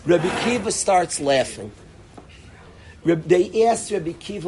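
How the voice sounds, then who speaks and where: A man's voice: high-pitched, animated, a little slow, long pauses, a little mellow. A rabbi teaches a live class in a somewhat raised voice, pressing his points with emphatic repetition and frequent restarts. He speaks straight to his students. A faint hiss sits under the recording. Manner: emphatic, repeats words and restarts, addresses students directly. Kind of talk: informal Torah lecture to a live class.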